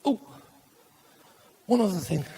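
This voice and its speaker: A man with a Northern English accent doing live stand-up comedy in a theatre, chatting with the audience and shouting his punchlines. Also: high-pitched, slow, vocal fry. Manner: animated, shouting punchlines, acting out voices. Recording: live theatre recording with faint room noise.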